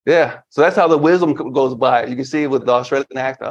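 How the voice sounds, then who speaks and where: A man in his fifties talks casually as a podcast guest, with a mid-range voice. He speaks with energy and keeps acting out excited little asides. The audio sounds a little dull and lo-fi. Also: medium pitch, fast. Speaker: podcast guest, finance firm founder. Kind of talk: casual interview talk.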